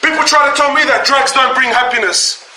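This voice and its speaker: A man preaches with fervour in a very high, piercingly bright voice. He pleads and fires rhetorical questions at his listeners, dropping slangy asides. He is heard from a distance in an echoey hall. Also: brisk. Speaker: Islamic preacher. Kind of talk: impassioned sermon to a live audience. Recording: echoey hall, voice from far off, faint noise.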